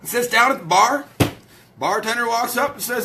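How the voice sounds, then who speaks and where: A man's voice: extremely high pitch, normal speed, creaky, background noise. A man hosting a late-night live stream, rowdy, profane and joking, a little tipsy from beer.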